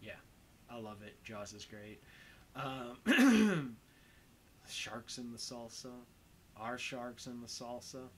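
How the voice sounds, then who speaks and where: A man's voice: mid-range voice, animated, slow pace, slightly rough, poor audio. A young man giving casual movie commentary as host, rambling and full of "um" and "like.". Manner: rambling, heavy on fillers like "um" and "like".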